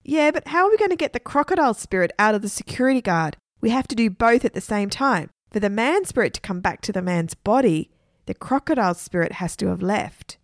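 A woman's voice: medium pitch, animated, fairly quick, no room sound, studio quality, natural voice. A woman voicing a curious, sensible young girl in a storybook reading, asking questions in a matter-of-fact way.

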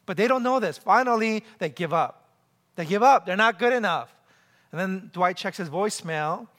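High, bright-voiced animated preacher man. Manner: animated, acts out scenes and quotes with big pitch jumps; leads congregation in call-and-response. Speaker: pastor. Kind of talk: sermon. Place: church sanctuary. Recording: long hall reverb.

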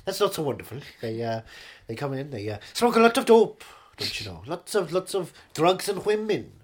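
A performer doing a comic impression of a self-absorbed, aging knighted film actor, drawling and repeating "wonderful", often sinking to a hushed murmur. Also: medium pitch, sing-song, fairly quick. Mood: pompous.

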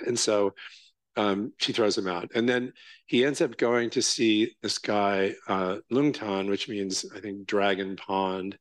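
A Zen teacher giving a dharma talk in a casual, halting way, full of fillers and check-ins with the listeners. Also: male voice, fairly low pitch, fairly even intonation, no room sound.

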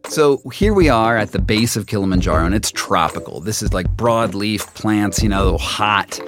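A man telling his own story in the first person, halting and full of restarts and repeats. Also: fairly low pitch, lively intonation, music in the background. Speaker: storyteller guest.

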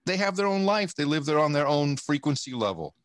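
A man from the United States, a podcast guest talking in a rambling, profane, animated way with many restarts. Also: on the high side, brisk, no room sound, studio quality. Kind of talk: casual podcast conversation.

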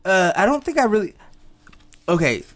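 A man hosting a podcast who talks in a quick, teasing, casual way. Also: high-pitched, sing-song, fairly bright tone. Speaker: podcast host. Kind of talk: casual chat.

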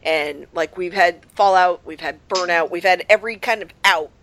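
A woman's voice: fairly low pitch, moderate pace, fairly bright tone, low-quality recording. A woman co-hosting a podcast in casual chat, playful and teasing, laughing often. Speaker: podcast co-host.

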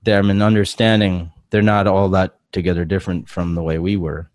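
A man with a very deep, low voice hosts a podcast and talks through episodes in a rambling, unhurried way, full of fillers. The sound is close and dry. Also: level tone, darkish tone, no room sound. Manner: rambling, hesitant recap with many fillers. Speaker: podcast host. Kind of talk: casual chat.

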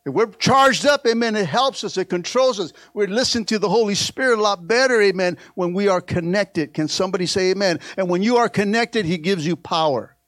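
High-voiced man preaching. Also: brisk, few pauses, a bit bright, no room sound. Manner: playful, call-and-response preaching; acts out quoted prayers and dialogue. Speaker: pastor. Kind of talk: sermon.

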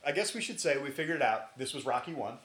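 A man's voice: medium pitch, animated, fast, fairly bright tone. A man hosting a podcast in casual chat, leading the talk and explaining storylines. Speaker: podcast host. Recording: echoey room.

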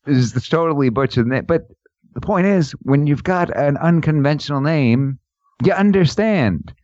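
A man's voice: a little high, expressive, darkish tone, no room sound, lo-fi sound. Joking man hosting a podcast. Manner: joking, laughs often, halting restarts. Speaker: podcast host. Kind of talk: casual chat.

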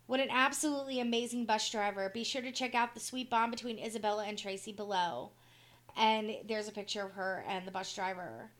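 A woman's voice: mid-range voice, fairly quick, a bit bright. A middle-aged woman co-hosting a talk show, reading stories aloud and commenting bluntly. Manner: blunt, swears casually. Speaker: podcast co-host. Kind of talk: reading news stories aloud, casual chat.

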